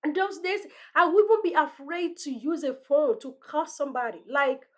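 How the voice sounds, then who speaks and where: Host read: high-pitched woman, thick accent, earnest motivational delivery from a book-lined room. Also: normal speed. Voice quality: self-described strong, thick accent. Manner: earnest, encouraging, ends in prayer. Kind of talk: motivational talk.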